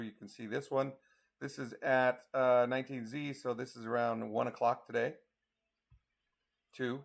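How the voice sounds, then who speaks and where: A tired, yawning storm chaser from Colorado gives a casual live weather briefing in a gravelly, mid-range voice. He talks through model maps, counting the hours aloud.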